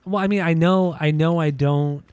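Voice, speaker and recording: A man's voice: a little high, fairly even intonation, normal speed, darkish tone, clean tone, no echo. A man co-hosting a casual podcast, joking and teasing, laughing often. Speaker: podcast co-host. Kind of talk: casual chat.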